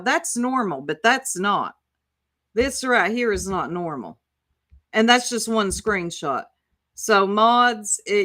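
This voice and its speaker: A woman doing casual reaction commentary with a bright, forceful voice. She is sarcastic and swears freely, arguing back at the clips she plays as if the other person could hear. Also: mid-range voice. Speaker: YouTube commentator.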